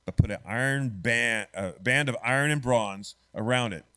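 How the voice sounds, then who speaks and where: A man's voice: mid-range voice, moderate pace, sharp tone. A man teaching an adult church Bible study class in a church classroom, conversational and often quizzing the class with "right?".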